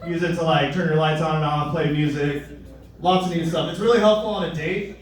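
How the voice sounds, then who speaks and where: A young man doing a stand-up comedy set, crude and deadpan, with a sardonic edge. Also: fairly high pitch, brisk. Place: live comedy venue. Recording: echoey room, mic at a distance.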